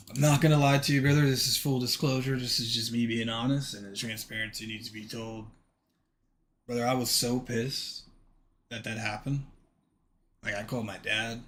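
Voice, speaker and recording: A man's voice: medium pitch, normal speed, long pauses, slight background noise. Man telling a story while gaming. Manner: animated, swears, acts out dialogue in quotes. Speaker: streamer. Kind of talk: casual storytelling on a game stream.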